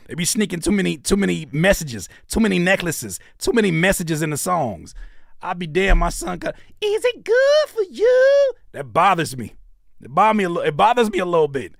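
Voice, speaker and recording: An animated man hosting a live music reaction stream, his voice swinging widely up and down as he jokes and riffs. He repeats phrases for emphasis in a casual, conversational way. The sound is dry and close. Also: a little high, fast, gravelly, no echo. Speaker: host reviewing music submissions. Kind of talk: casual livestream reaction chat.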